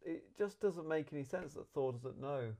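A podcast host with a slightly high, gravelly voice talks at a normal speed in a casual chat reviewing a movie. Animated and rambling, he keeps correcting himself and restarting sentences.

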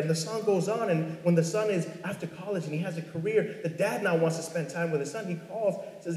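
A man in his thirties telling a personal story as a father, earnest and halting, with many restarts. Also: high voice, a little mellow. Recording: echoey room with long reverb.

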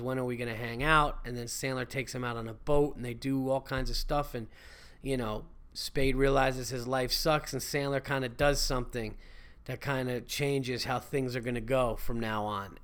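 A man's voice: medium pitch, a bit bright. Profane, rambling male podcast comic. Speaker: podcast host and stand-up comedian. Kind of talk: casual podcast monologue.

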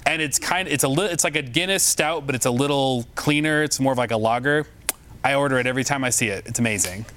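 A man's voice: mid-range voice, fast talker, fairly bright tone. A man answering a question on stage, chatty and enthusiastic. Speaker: storyteller. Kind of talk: casual chat on stage.

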